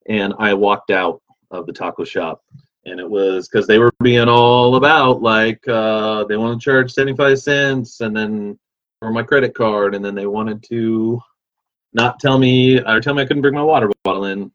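Laid-back man with a low voice. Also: fairly bright tone. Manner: rambling, easygoing, many fillers. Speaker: livestream host reading viewer comments. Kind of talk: casual chat. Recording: dull lo-fi sound.

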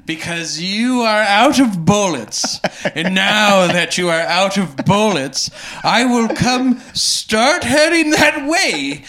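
Pompous vampire count guy, as a man puts him on, overly formal, slow and bright. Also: sits high, lively intonation, exaggerated voice. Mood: mock grandiose. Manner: overly formal, drawn-out mock villain speech.

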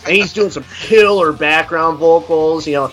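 A man co-hosting a podcast, ranting bluntly and profanely as he tells animated stories. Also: a little high, normal speed, faint music behind. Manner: animated storytelling. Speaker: podcast co-host reviewing an album. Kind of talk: casual podcast chat.

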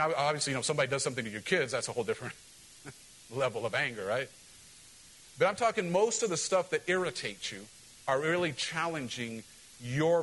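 A male pastor preaching a sermon in an animated, joking way, often asking the congregation questions. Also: a little high, rough recording.

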